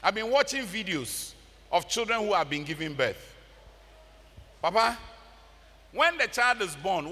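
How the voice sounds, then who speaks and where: Brief: Ghanaian male pastor, high and bright voice, lively preaching in an echoey church hall. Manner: animated preaching mixing English and Twi, laughs and shouts. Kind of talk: sermon. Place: large church.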